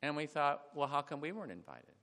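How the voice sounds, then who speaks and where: A man's voice: a little high, very animated, fairly quick. Man preaching in a reverberant hall. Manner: reflective, drops to a hush on sad points. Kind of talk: sermon.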